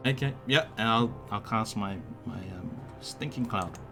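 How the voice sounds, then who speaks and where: A man's voice: lowish voice, measured pace, loud music behind the voice. A man playing a tabletop game who describes his actions hesitantly, trailing off with fillers. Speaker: player. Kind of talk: casual tabletop play.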